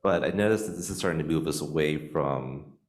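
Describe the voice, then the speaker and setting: A man in a conference audience asking a measured, thoughtful question. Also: extremely low pitch, echoey room.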